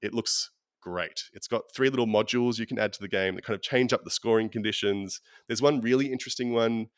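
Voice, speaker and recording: A man hosts a casual board game podcast, chatty and easygoing. His voice sits on the low side. The sound is close and dry. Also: brisk, no room sound. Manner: chatty, wraps up the show with thanks. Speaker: podcast host. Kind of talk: casual chat.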